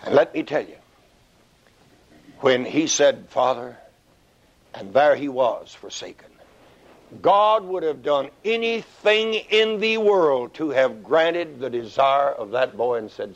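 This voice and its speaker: A man preaching a sermon, dramatic, swinging from hushed whispers to shouted peaks. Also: medium pitch, expressive, slow pace. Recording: dull lo-fi recording.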